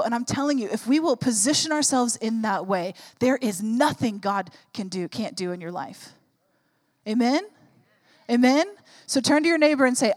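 A woman's voice: fairly high pitch, animated, normal speed. A woman in her thirties, a pastor preaching a sermon, telling a personal story and building to fervent exhortation.

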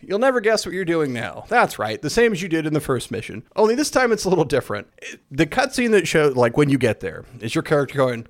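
A man's voice: a little high, fast talker, no room sound, studio quality. A man casually recapping a video game's plot on a podcast, swearing freely and acting out characters' lines as he goes. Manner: animated storyteller, swears a lot, acts out quoted lines. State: a bit winded. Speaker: podcast host recapping a game. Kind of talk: casual profane game recap.

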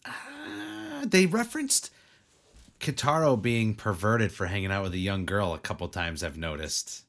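A man's voice: low voice, lively intonation, moderate pace, a bit bright. A man co-hosting a casual chat, teasing his co-host in a joking manner and swearing casually. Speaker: podcast co-host.

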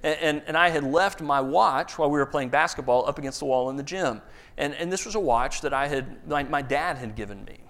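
A man with a fairly high voice delivers a sermon, retelling scripture and a personal anecdote. He talks in an animated way, often doubling words as he builds to a point. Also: fairly quick. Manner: animated storyteller, rises loud and high for emphasis, repeats words. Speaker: pastor.

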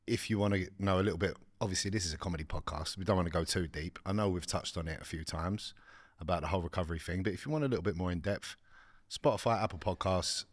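A man's voice: low-pitched, fast, dry recording. A man, co-host of a casual comedy podcast, talking in a laid-back, easygoing way. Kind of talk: casual banter.

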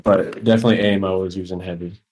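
A man with a fairly low voice co-hosts a podcast. He chats casually and a bit hesitantly, often restarting his sentences. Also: fairly even intonation, fast talker, over a noisy crowd. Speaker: podcast co-host. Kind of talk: casual chat.

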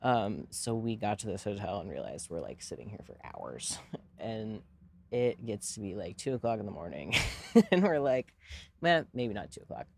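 A man's voice: lowish voice, sing-song, moderate pace, vocal fry, darkish tone, slight background noise. A young man co-hosting a podcast, telling a long story in casual chat, rambling and swearing freely with lots of fillers. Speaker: podcast co-host.

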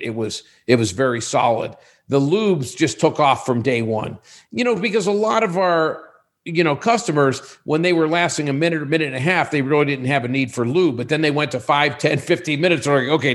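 Lively man in his sixties telling stories. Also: on the high side. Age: 60s. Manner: animated storyteller who acts out quoted dialogue. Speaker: guest, sexual wellness business owner. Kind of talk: casual podcast conversation.

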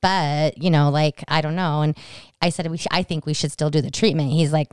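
A woman's voice: low-pitched, a little fast, a little mellow, clear, resonant tone, dry recording, studio quality. A woman in her forties co-hosting a podcast, chatting casually and acting out family dialogue as she tells a story. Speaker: podcast co-host. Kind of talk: casual chat.

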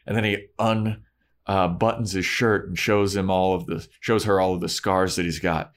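A man's voice: low-pitched, normal speed. A man casually recapping a TV episode on a podcast, acting out scenes in quoted voices. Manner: animated retelling, acts out scenes in quoted voices. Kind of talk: casual chat.

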